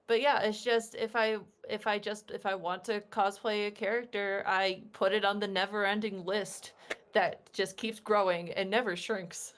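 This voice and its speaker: As a cosplayer guest, a young adult woman answers interview questions in a chatty, casual manner, peppering her speech with "like" and "um." Her medium voice is steady at normal speed, and there's a little hiss or hum in the recording.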